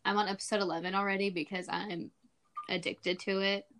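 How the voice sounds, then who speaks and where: A young woman in her twenties co-hosting a casual podcast chat, excitable and quick to exclaim. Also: mid-range voice, crowd noise. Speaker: podcast co-host.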